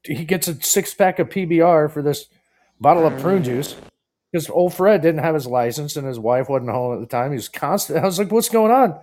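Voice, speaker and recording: A man's voice: fairly high pitch, moderate pace, darkish tone. A man co-hosting a podcast, telling anecdotes in casual chat, swearing and acting out the dialogue. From not the Southern US. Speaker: podcast co-host. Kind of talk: casual storytelling.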